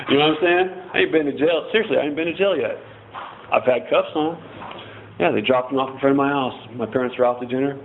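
A man's voice: medium pitch, brisk. A man sharing his story at a recovery meeting, rambling, swearing freely and cracking self-mocking jokes. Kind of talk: casual personal share. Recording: tinny phone-like recording.

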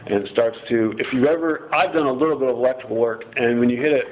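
A man talks through his story at a recovery group in a loose, rambling way, full of profanity and self-deprecating jokes. His voice sits at an ordinary middle pitch. The sound is thin and tinny, like a phone line. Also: fast talker, slight background noise. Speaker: member sharing at a recovery meeting. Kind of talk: casual personal share.

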